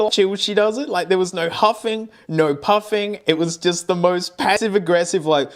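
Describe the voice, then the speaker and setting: A man's voice: high voice, lively intonation, measured pace. A man streaming and vlogging in casual chat, rambling and laughing often.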